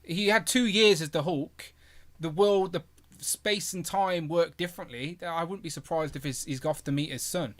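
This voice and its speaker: A man's voice: a little high, moderate pace. A man hosting a live stream in a casual, rambling way and reading out viewer messages. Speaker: host of a live toy stream. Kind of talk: casual chat.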